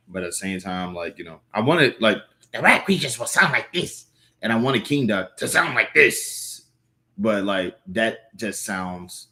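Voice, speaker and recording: Young man, very low voice, casual rambling stream chat, loose filler-heavy talk. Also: fairly bright tone. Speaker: livestreamer reading comics aloud. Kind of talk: casual live-stream chat and comic read-aloud.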